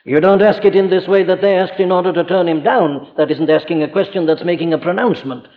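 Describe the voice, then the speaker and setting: A man's voice: high-pitched, quick pace. A man preaching an earnest, emphatic sermon full of rhetorical questions, with an old lo-fi recording. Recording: dull lo-fi archive recording in a reverberant hall.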